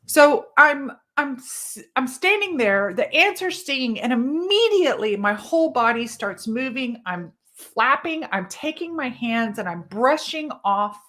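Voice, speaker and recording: A woman from Texas, telling a personal story in a casual monologue, animated and swearing freely. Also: high voice, unhurried, few pauses. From Texas, USA. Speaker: podcast host.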